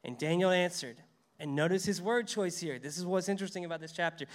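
Higher-voiced man preaching conversationally. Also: fairly quick. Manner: conversational preaching, reads scripture aloud, acts out quotes. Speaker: pastor. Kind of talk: sermon.

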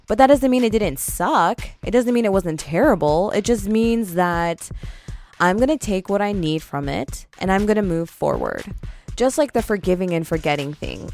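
A young woman hosting a solo podcast, talking casually and candidly with emphatic swings in her voice. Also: a little mellow. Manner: chatty, candid, emphatic with pitch jumps. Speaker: podcast host.

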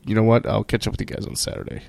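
Easygoing guy on a podcast, kinda under the weather, raspy gravelly fry. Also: fairly low pitch, steady tone, very fast, a little mellow, slight background noise. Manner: easygoing, lots of fillers. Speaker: podcast co-host. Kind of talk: casual chat.

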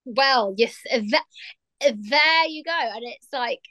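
Woman, 30s, podcast co-host, higher voice, laughs easily, dry recording. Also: takes it slowly, dry recording. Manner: laughing, warm storytelling. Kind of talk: casual podcast chat.

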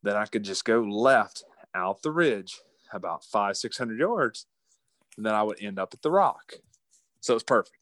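Low-voiced guy spinning a hunting yarn, laughs a lot, dry close sound. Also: moderate pace, no echo. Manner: animated, laughing, folksy storyteller. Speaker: guest. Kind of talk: casual storytelling.

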